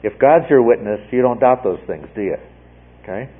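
Man, Bible teacher, husky voice, conversational, repeats himself, tinny radio broadcast. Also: mid-range voice, lively intonation, normal speed. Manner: conversational, repeats words, asks "okay?". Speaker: preacher teaching a Bible study.

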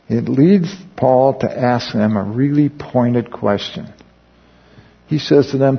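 A man teaching a Bible study in a relaxed, conversational way, mixing personal stories with scripture and often asking his listeners questions. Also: mid-range voice, slow pace, creaky, slightly rough. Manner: conversational, with frequent questions to the audience; tells personal stories while explaining scripture. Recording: dull lo-fi recording.

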